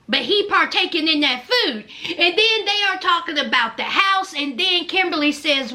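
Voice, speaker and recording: A woman vlogger talks through a reality-show recap in a sassy, chatty way, calling her viewers honey and child. Her voice sits very high and bright. She takes her time, drawing her words out slowly. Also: expressive.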